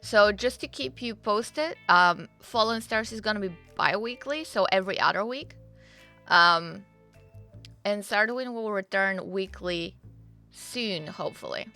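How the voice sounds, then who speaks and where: Gravelly, bright-voiced woman streamer. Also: medium pitch, animated, unhurried. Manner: chatty and rambling, with fillers and swearing. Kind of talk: casual live-stream chat to viewers. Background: faint game music.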